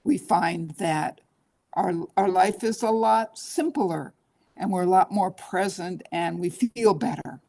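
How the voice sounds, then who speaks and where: A woman's voice: fairly low pitch, lively intonation, takes it slowly, vocal fry, warm tone. A woman therapist being interviewed, talking earnestly and coaching, often acting out her clients' inner voices. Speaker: guest therapist. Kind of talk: interview conversation.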